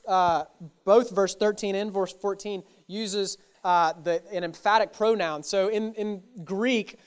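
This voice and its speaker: Man, pastor, sermon, earnest, repeats phrases, fairly high voice. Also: clean tone. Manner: earnest preaching with repetition for emphasis.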